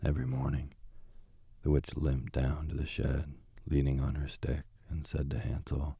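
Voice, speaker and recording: A man reading a fairy tale aloud as a calm bedtime sleep story, slow and soothing. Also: very deep voice, creaky, slightly rough, dry recording, clean studio sound.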